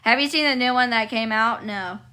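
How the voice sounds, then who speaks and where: A woman's voice: fairly high pitch, normal speed, pushed and bright. A woman live streaming, chatting casually with her viewers in a playful, giggly way.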